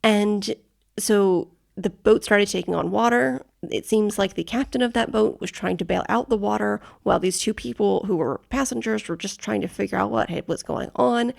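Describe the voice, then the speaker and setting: A woman co-hosting a travel podcast in casual chat. Her mid-range voice has a gravelly fry. She lays out each news story one step at a time and checks that her co-host is following. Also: medium pitch, moderate pace, a little mellow. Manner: explains step by step, checks understanding.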